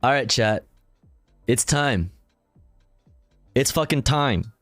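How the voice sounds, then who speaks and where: A man's voice: mid-range voice, no room sound, clean studio sound. A male streamer casually reading news articles aloud and commenting, profane and self-deprecating, often stumbling over his words.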